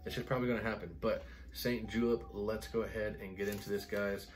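Excitable low-voiced man reviewing fragrances. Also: fast talker, soft background music. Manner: excitable, enthusiastic, rambling with many "like"s. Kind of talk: casual review vlog.

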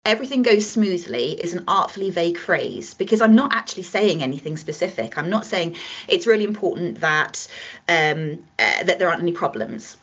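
A woman's voice: on the low side, animated, a little fast, a bit bright, slightly rough. A woman trainer teaching a workshop session, explaining points with gestures and acted-out examples. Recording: dull lo-fi recording.

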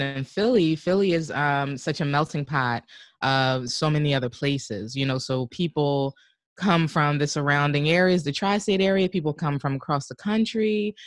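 A woman's voice: deep voice, no echo. Woman guest, casual podcast chat, filler-heavy, giggly, dry close mic. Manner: chatty, heavy use of "like" and "you know", laughs often. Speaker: podcast guest, driving show host. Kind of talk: casual conversational interview.

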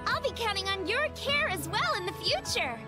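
A woman's voice: very high voice, very animated, normal speed. An actress voicing a cute young female game heroine, speaking sweetly and earnestly. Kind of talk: game voice acting. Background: soft music.

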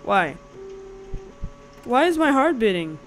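Female gameplay host, animated and unhurried, jokey and quick to curse at jump scares. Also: fairly high pitch, soft background music. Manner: jokey, swears and yelps when startled. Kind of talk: horror gameplay commentary.

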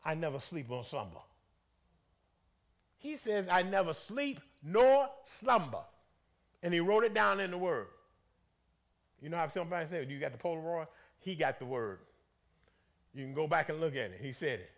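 A man leading a Bible study as bishop, preaching in an animated, folksy way and calling out to the congregation. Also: fairly high pitch, fairly quick, pauses often. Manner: animated, conversational, calls out to the congregation; colloquial, folksy phrasing.

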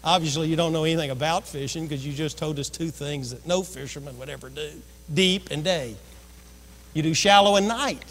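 Man, pastor, high bright voice, sermon with acted-out story voices, long church-hall reverb. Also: fairly quick, a little hiss or hum. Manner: storytelling preacher who acts out voices. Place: church sanctuary.

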